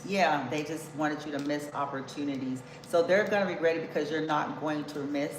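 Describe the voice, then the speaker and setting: A woman's voice: deep voice, fairly even intonation, fairly quick. Woman doing a tarot reading, blunt and sweary, echoey room with noise in the back. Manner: blunt, profane and emphatic. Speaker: tarot reader. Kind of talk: casual tarot reading monologue.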